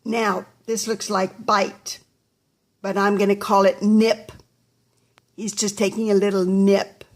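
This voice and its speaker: A woman teaching a phonics lesson to young children, slowly sounding out each word letter by letter. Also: mid-range voice, little pitch movement. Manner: slow, deliberate, sounding out letters one by one.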